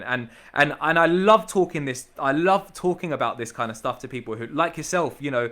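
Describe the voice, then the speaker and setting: A man's voice: medium pitch, expressive, fairly quick, hardly any pauses, a bit bright. A man, a business owner, talking as a podcast guest in an enthusiastic, emphatic way, repeating himself and calling the host bro. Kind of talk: casual podcast chat.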